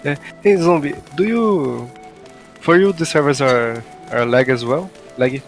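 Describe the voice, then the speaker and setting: A man from Brazil, speaking English as an in casual voice chat, halting and searching for words. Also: fairly high pitch. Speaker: friend playing along. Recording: game music behind voice.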